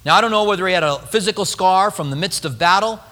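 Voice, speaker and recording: A male pastor preaching a sermon, telling a story with lively acted-out quotes. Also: high-pitched, fast, long reverb tail.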